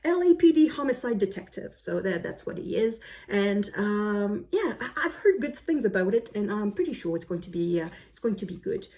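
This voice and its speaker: A book vlogger chats to the camera from home about the books she plans to read while it's snowy outside. Her medium-pitched, warm voice is very animated, moving at a moderate pace with few pauses, and she's full of fillers and self-corrections.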